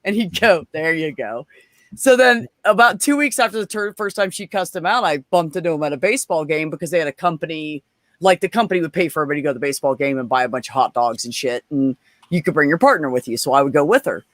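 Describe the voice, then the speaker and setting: A man's voice: on the high side, fast, dry recording. A man co-hosting a podcast, telling a story in casual chat, swearing a lot and acting out quoted voices. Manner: animated, profane, acts out quoted voices.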